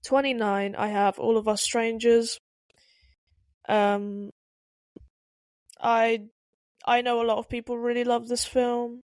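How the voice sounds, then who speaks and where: A woman's voice: fairly high pitch, little pitch movement, slow pace, long pauses, darkish tone, smooth, no echo, clean studio sound. A woman co-hosting a podcast, giving blunt, opinionated film reviews in casual chat with hesitant restarts. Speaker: podcast co-host.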